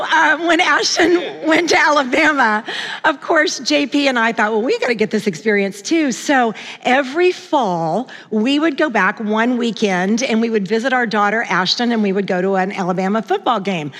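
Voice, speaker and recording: Woman preaching in a reverberant church. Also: on the high side. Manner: lively storytelling with laughs. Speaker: women's Bible study director and guest preacher. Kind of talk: sermon. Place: church sanctuary. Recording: long church hall reverb.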